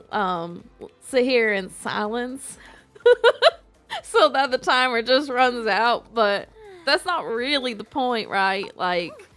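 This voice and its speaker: A woman's voice: a little high, a bit bright, heavily acted. A woman doing a clumsy country cowgirl twang. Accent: put-on Southern US country. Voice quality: self-admittedly clumsy put-on twang, halting. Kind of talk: live stream chat in a put-on accent.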